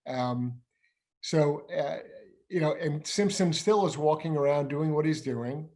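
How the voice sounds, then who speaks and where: This middle-aged man talks in a firm, explanatory way on a political discussion show and keeps posing rhetorical questions. His voice sits a little high for a man. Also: measured pace, darkish tone. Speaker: co-host, investigations director.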